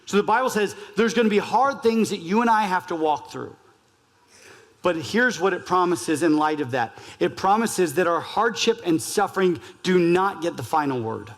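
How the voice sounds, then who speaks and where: A man's voice: sits high, expressive, moderate pace. A man preaching a sermon as pastor, earnest and building with repeated phrases. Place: church sanctuary. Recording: reverberant church hall, faint music.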